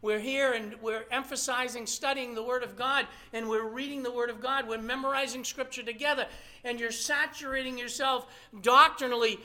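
A man's voice: very high-pitched, fairly even intonation, moderate pace, bright, forceful tone. A man preaching a sermon as pastor, earnest and conversational, probing his listeners with rhetorical questions.

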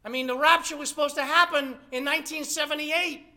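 A man's voice: very high voice, steady tone, a little fast, pushed and bright. A man preaching a sermon as pastor, earnest and conversational, probing his listeners with rhetorical questions.

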